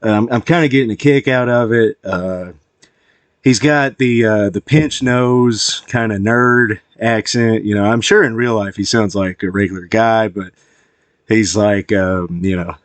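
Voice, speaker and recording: A man giving casual, meandering commentary to his viewers, swearing often and filling pauses with "uh" and "like.". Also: fairly low pitch, no echo. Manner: profane, meandering, heavy with fillers. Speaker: YouTube commentator.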